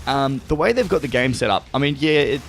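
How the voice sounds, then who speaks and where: A man's voice: medium pitch, expressive, fairly quick, a little hiss or hum. A young Australian man chatting casually as co-host of a gaming show, rambling and swearing and laughing often as he tells his stories. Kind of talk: casual chat while gaming.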